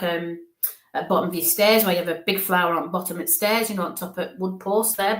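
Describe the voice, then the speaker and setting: Lady doing a live psychic reading, warm chatty asides, roomy echo. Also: lowish voice. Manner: warm, affectionate, talks in quick asides. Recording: echoey room.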